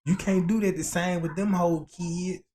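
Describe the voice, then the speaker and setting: A man's voice: high voice, fairly even intonation, normal speed, darkish tone, a little hiss or hum. A man on a casual livestream, telling crude, profane stories in slang and acting out the quotes, often asking whether you know what he's talking about.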